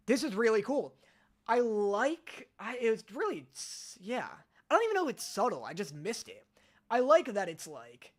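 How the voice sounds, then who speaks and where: A man's voice: high-pitched, sing-song, normal speed. A man rambling casually to his stream audience as a reaction host. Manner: rambling, self-deprecating, restarts often.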